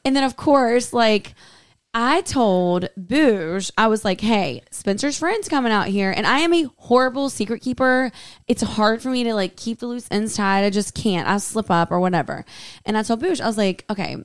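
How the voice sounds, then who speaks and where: A woman, co-hosting a podcast, telling a lively story in casual chat and laughing often. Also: on the high side, moderate pace, clear, resonant tone. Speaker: podcast co-host.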